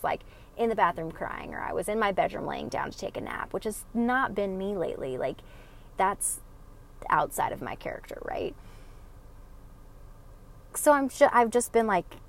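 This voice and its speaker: A woman's voice: medium pitch, creaky. A woman telling viewers a rambling personal story in casual chat, with lots of fillers and restarts. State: emotional, choking up. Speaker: podcast listener sharing a story.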